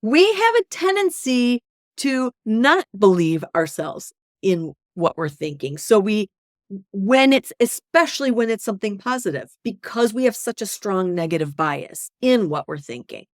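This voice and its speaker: Animated woman coach, dry sound. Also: mid-range voice, unhurried, dry recording. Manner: animated, often tags "right?", acts out inner voices. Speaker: hypnosis practitioner and coach. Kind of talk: conversational interview.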